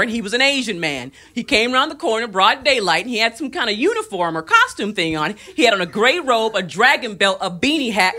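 A woman stand-up comedian performing a live set on a club stage, moving between loud punchlines and quiet asides. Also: medium pitch. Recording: live club recording, audience laughter and noise.

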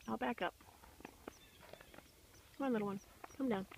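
A woman outdoors in a forest, softly coaxing a small animal with sing-song baby talk and whispers, recorded on a handheld camera. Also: fairly high pitch, moderate pace, gravelly. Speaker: vlogger feeding a wild animal. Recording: noisy outdoor camera audio.

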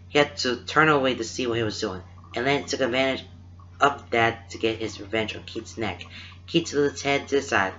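A man narrating a fan story aloud at a steady, unhurried pace, recorded in dull lo-fi sound. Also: mid-range voice. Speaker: fan fiction reader.

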